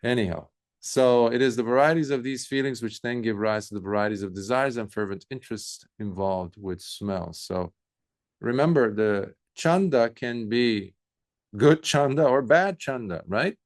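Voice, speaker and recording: A man, a Buddhist monk, giving a relaxed dharma talk, telling stories with pauses and fillers. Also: mid-range voice, dry recording, clean studio sound.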